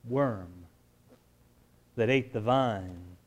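A man as pastor, preaching a conversational sermon with joking asides and shifts between quiet talk and emphatic build-ups. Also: on the low side, extremely slow.

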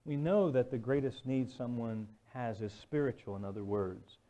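A man's voice: mid-range voice, moderate pace, mellow, dull audio. A man preaching a sermon in a conversational, storytelling way, often asking "right?".

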